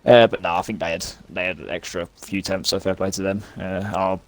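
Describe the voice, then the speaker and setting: A man interviewed as a racing driver after a race, relaxed and modest as he chats about his result. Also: low-pitched, brisk, dry recording. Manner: relaxed and modest, chatty storytelling. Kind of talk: casual post-race interview.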